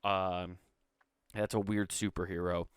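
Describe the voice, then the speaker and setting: A man's voice: deep voice, flat delivery, unhurried, clean tone, dry recording, studio quality. A man hosting a comedic solo podcast, reading an article aloud and breaking off into irreverent, profane asides.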